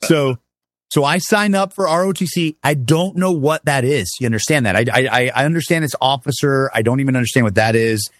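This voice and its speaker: Man in his fifties spinning war stories, voice jumps way up and down when he does other people, dry close mic, mid pitched. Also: a little fast, dry recording. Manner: animated, acts out quoted voices with big pitch swings. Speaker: guest, army veteran. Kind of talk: casual storytelling in a conversation.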